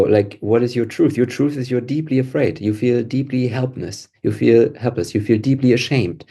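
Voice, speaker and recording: A man's voice: lowish voice, creaky, mellow, husky. A man co-hosting a podcast, talking intensely and emphatically and swearing freely in casual discussion. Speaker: podcast co-host.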